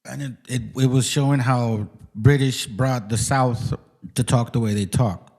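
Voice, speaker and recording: Male host, casual reaction talk, mid-pitched, swears freely, combative and blunt. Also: fairly even intonation, unhurried, darkish tone. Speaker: channel host.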